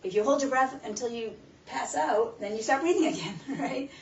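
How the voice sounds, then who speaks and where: A woman presenting a live stress-management workshop, teaching in an animated way with rhetorical questions. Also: high voice, normal speed, a little hiss or hum. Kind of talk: live talk to a small audience. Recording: roomy, distant, muffled room recording with faint background.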